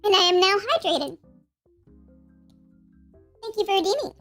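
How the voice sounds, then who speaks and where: A woman talking through a pitch-raising voice changer as a little minion creature, with giggly, rambling chatter on a live stream. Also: animated, unhurried, sharp tone, soft background music, exaggerated voice.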